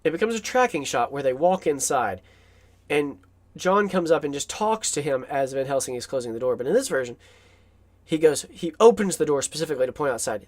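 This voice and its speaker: A man's voice: a little high, big pitch swings, a little fast, darkish tone. A man giving an enthusiastic, rambling film commentary, with asides and chuckles.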